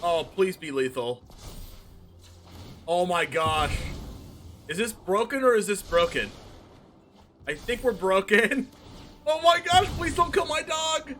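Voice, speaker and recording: High-pitched excitable man streaming a game. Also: slow pace, long pauses, a little hiss or hum. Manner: excitable, often shouting and laughing. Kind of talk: live card game commentary.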